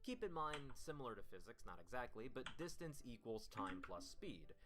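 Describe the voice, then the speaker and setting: Man, low and animated narrator, methodical explainer, music bed underneath. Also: normal speed. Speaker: video narrator explaining game rules. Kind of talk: scripted narration. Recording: narration over background music.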